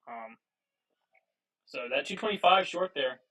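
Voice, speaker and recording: Hosting a live trading stream, a man gives casual market commentary, thinking aloud loosely with fillers and swearing. His high, sharp-toned voice is animated but a little slow, picked up distant and thin on wireless earbuds.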